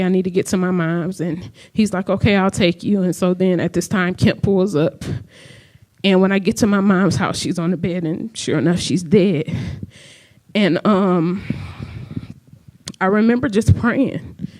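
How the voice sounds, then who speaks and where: A woman's voice: on the low side, a little mellow. A middle-aged woman telling a personal story to an audience, conversational and acting out the lines of the people in it. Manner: conversational, acts out quoted dialogue. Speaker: speaker telling her story.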